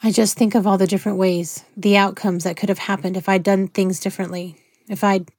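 A woman reading the part of a guarded, angry wounded man who speaks in low, clipped words. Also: little pitch movement, brisk, darkish tone, dry recording, clean studio sound, close to an everyday voice. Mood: hushed.

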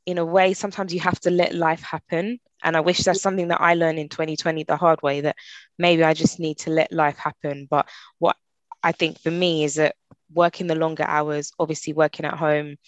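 Low-voiced woman, casual chat. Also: a little fast, dry recording. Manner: animated, acts out quotes with high voices. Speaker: podcast co-host.

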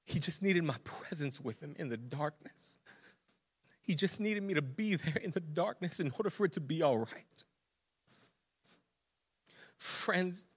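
A young adult man preaching a sermon as pastor, animated and casual, with slang. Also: a little high, slightly rough.

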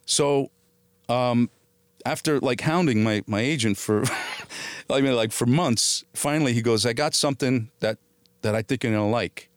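A man's voice: medium pitch, normal speed, no echo. A middle-aged man from the New Jersey area, an actor telling stories in a casual interview and acting out people's lines. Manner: animated anecdotes, quotes people in dialogue. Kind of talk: casual storytelling.

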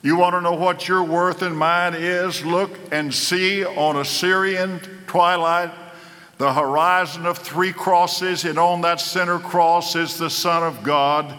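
A man preaching a sermon, slow and dramatic, building to emphatic peaks. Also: sits high, fairly even intonation, sharp tone. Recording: echoey hall.

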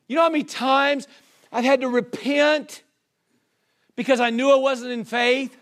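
A very high-pitched man with a fairly bright tone preaches at normal speed as pastor. He leans on call-and-response, firing rhetorical questions and calling for the congregation's reply, while dramatizing the voices he quotes.

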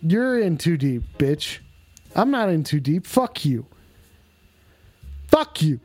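A man hosting a livestream call-in show, talking to his chat in a rambling, exasperated, profane way, stretching some lines out and rushing others. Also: fairly high pitch, sing-song, darkish tone. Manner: profane, exasperated, scolding viewers; drawn-out emphatic lines mixed with quick asides. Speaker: livestream host taking call-ins.

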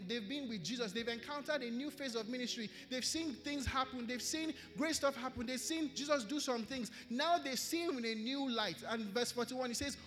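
A man with a Nigerian English accent preaches with a strikingly high voice and circles back to his key phrases. He delivers an earnest sermon in a church hall. A long reverb trails behind his words. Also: a bit bright. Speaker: pastor.

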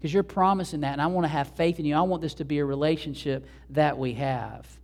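A man preaching a sermon, conversational and animated, talking straight to the congregation. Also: on the high side, fairly quick, creaky. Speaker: pastor.

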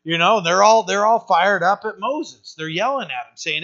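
Here a man with a high, somewhat bright voice speaks at normal speed. It's a conversational sermon to his church, full of rhetorical questions and frequent "right?" checks, and the recording is dull and lo-fi.

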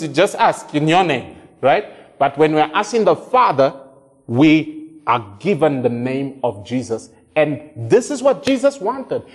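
A male preacher giving an animated sermon, acting out prayers and dialogue in shifting voices. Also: on the high side. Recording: long hall reverb.

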